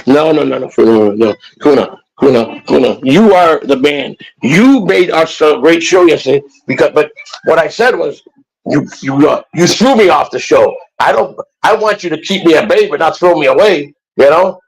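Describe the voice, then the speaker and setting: A man's voice: fairly high pitch, expressive, moderate pace, creaky, breathy edge, rough recording. An older man and grandfather co-hosting a casual morning chat show, rambling and joking with many restarts. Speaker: co-host.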